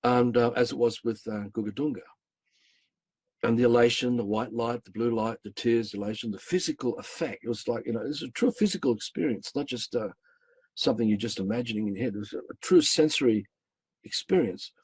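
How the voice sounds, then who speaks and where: A man telling a rambling, emphatic personal story of spiritual experiences, swearing when excited. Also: mid-range voice, brisk, husky. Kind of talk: personal testimony, casual.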